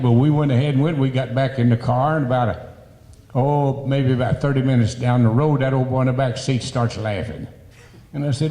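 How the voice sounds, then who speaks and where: Man, folksy rambling storyteller, interview anecdote, mellow tone, echoey hall. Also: medium pitch. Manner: folksy, rambling storyteller who acts out quotes. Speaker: interviewee, rodeo cowboy. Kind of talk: casual anecdote telling. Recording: reverberant hall.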